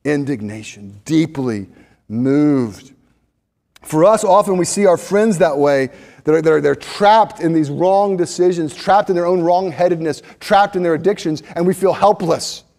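A man's voice: high voice, moderate pace, vocal fry, a little mellow, in a large hall. A man preaching a sermon to his congregation, earnest, often repeating words as he presses a point. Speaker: pastor.

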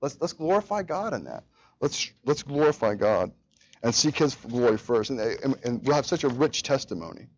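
A man's voice: mid-range voice, lively intonation, moderate pace, dull audio. Earnest man teaching a Bible study. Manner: earnest, repeats words when restarting.

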